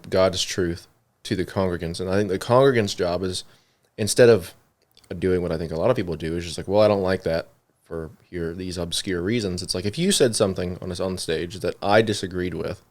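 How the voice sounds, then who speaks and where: A young man with a lowish voice chats on a church podcast. He talks in a relaxed, rambling way full of fillers and turns his thoughts into questions for his co-host. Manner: conversational, many fillers, asks questions. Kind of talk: casual podcast discussion.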